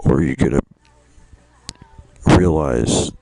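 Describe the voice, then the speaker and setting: A man voicing a smug, rich older man, an android maker, slow, booming and menacing. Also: gravelly, dark tone, full character voice, poor audio. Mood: taunting.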